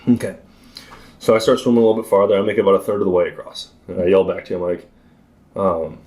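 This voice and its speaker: A young man, a podcast guest, telling a story in casual chat with animated delivery, frequent laughs and many filler words. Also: deep voice, fast.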